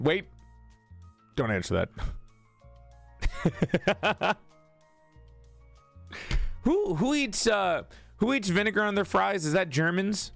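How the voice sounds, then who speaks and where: A man's voice: on the high side, creaky, fairly bright tone. A man streaming, chatting casually with his viewers, joking and teasing as he reads their messages aloud and answers.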